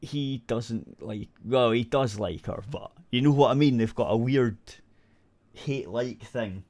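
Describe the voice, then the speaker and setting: A man's voice: medium pitch, measured pace, a little mellow. A Scottish man hosting a radio show, rambling through a story in casual chat and swearing freely.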